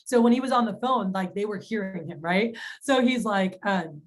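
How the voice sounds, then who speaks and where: A woman's voice: mid-range voice, moderate pace, low-quality recording. A woman giving a sales training talk in a chatty storytelling manner, retelling phone calls with quoted lines. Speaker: sales manager.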